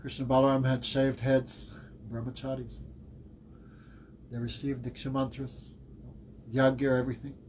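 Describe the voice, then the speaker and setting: A man giving a devotional class as a spiritual teacher, telling the story in a lively way. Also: medium pitch, slight background noise, poor audio. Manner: animated storytelling with laughs and acted quotes.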